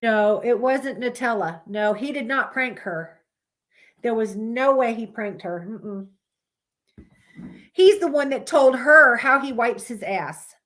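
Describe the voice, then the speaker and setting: A woman's voice: a little high, animated, slow pace, pauses often, a bit bright, soft background music. A woman hosting a live-stream podcast, talking in a candid, rambling way and swearing freely, with a stuffy cold. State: congested with a constant cold. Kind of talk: casual live-stream chat.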